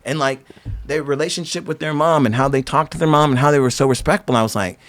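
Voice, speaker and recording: A man's voice: on the high side, fast talker. A middle-aged man, a skateboarder and company owner, telling rambling stories as a podcast guest, full of "like" and restarts. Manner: animated, rambling, lots of "like" and restarts. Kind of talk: casual storytelling interview.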